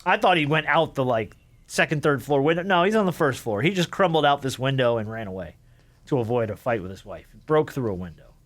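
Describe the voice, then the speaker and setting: A man co-hosting a podcast, chatting casually with quick jokes and wry asides. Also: mid-range voice, animated, fairly bright tone. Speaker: podcast co-host. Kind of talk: casual chat.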